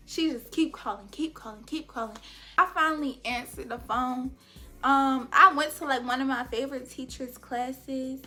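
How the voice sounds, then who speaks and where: High bright young woman telling a story. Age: young adult. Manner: chatty, animated storytelling with quoted dialogue. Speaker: vlogger. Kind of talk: storytime vlog.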